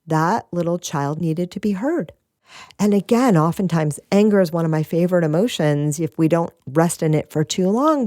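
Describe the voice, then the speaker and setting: A middle-aged woman hosting a spiritual self-help podcast, speaking gently and reflectively and often addressing her listeners as friends. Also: lowish voice, no room sound, clean studio sound. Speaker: podcast host.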